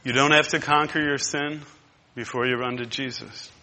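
Bright-voiced impassioned preacher man. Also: medium pitch, steady tone, normal speed, in a large hall. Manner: impassioned, swinging from hushed to loud; repetitive, emphatic. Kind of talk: sermon.

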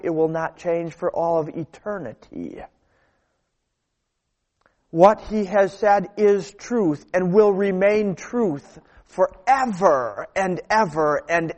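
Male preacher, sermon, slow deliberate delivery, slightly high voice, emphatic repetition, quiet falling endings. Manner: emphatic, repeats phrases, drops to low quiet endings.

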